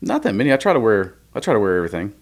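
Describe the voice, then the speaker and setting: A man guesting on a podcast as a DJ, telling stories in a relaxed, matter-of-fact way. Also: on the low side, racing. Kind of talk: casual conversation.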